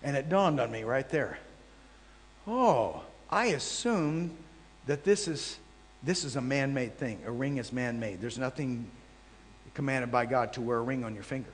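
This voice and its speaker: A man teaching a live audience as a traveling Bible teacher, telling animated anecdotes with jokey asides to the crowd. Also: mid-range voice, unhurried, a little hiss or hum. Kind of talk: storytelling sermon. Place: large hall before a live audience. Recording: long hall reverb.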